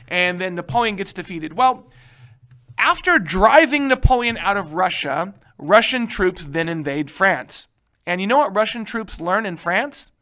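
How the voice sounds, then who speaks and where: A male history teacher giving a casual, animated lecture, joking and checking in with his students. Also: sits high. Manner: animated, joking, keeps asking "right?".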